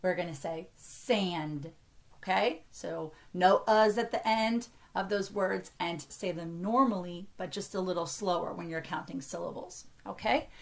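A woman's voice: on the low side, a little slow, vocal fry. An American woman in her thirties, a teacher giving an early-grade reading lesson and carefully sounding out words for young children. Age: 30s.

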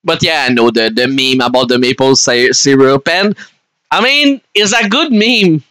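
A man's voice: medium pitch, lively intonation, moderate pace, bright, forceful tone, no echo, poor audio. A young man from Canada, chatting casually and swearing freely as he streams a game and answers his chat.

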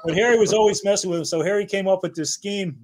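A man's voice: high voice, quick pace, a little hiss or hum. Chatty fifties man telling stories. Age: 50s. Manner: rambling storyteller, laughs often, swears casually. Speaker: guest, battalion chief. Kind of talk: casual anecdote-telling.

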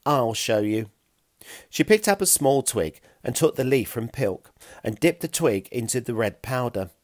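A man narrating a children's story in an expressive, playful way, recorded close. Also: medium pitch, moderate pace, no echo.

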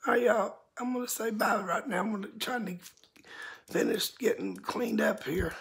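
A woman chatting casually to her viewers and slipping into high, sing-song baby talk with her pet bird. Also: normal speed, husky. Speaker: pet owner vlogger.

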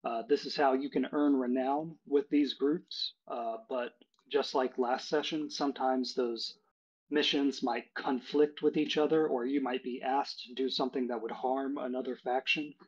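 Husky man narrating as game master. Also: medium pitch, steady tone, moderate pace, lo-fi sound. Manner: explaining, filler-heavy.

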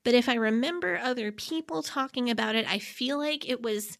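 A woman co-hosting a podcast in casual chat, explaining things in a lively way with many "like" fillers. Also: on the high side, brisk, creaky, dry recording, studio quality. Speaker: podcast co-host.

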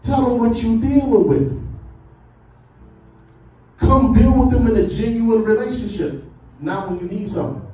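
A man's voice: extremely high pitch, lively intonation, a little slow, pauses often, dark tone. A man preaching a sermon in a church, exhorting the congregation with call-and-response. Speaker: pastor. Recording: echoey church from far off.

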